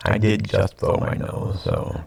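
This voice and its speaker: A man's voice: lowish voice, huge pitch swings, measured pace, vocal fry, darkish tone, husky. An older man with stuffy sinuses, rambling casually and repeating himself while talking to his computer camera at home. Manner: meandering, repeats himself, self-deprecating asides. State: sniffly, congested sinuses. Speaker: vlogger. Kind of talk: rambling late-night chat to camera. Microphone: computer webcam mic.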